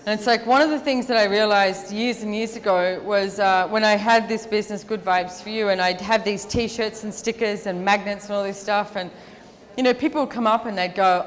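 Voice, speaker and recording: A woman speaking as the featured speaker at a live seminar, answering audience questions in a chatty, lively way full of "like"s. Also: mid-range voice, normal speed. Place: large event hall with an audience. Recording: long reverb of a large hall.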